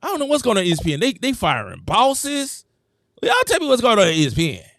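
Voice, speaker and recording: Animated man hosting a sports live stream. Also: sits high, rapid-fire, dry recording, clean studio sound. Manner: animated, emphatic, thanks viewers, talks straight to chat. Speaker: host.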